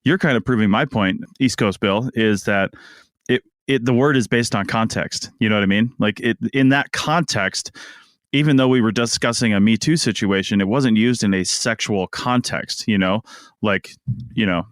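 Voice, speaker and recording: A man's voice: on the low side, moderate pace, no room sound, studio quality. A man co-hosting a podcast, making his point conversationally and checking in with his listener often. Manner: conversational, keeps asking "you know what I mean". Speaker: podcast co-host. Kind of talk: casual podcast discussion.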